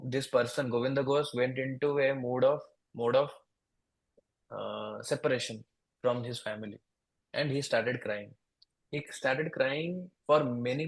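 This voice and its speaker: A man's voice: medium pitch, gravelly, breathy edge, rough recording. A man with an Indian English accent preaching. He tells a devotional story at an easy pace and speaks the characters' lines in small voices. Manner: unhurried storytelling, plays the dialogue in small voices, repeats words.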